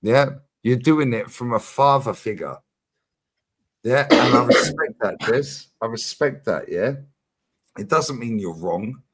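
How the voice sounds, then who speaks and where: A man hosting a casual livestream chat, animated and emphatic, swearing freely and repeating his points. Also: medium pitch, a little slow, breathy edge. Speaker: streamer host.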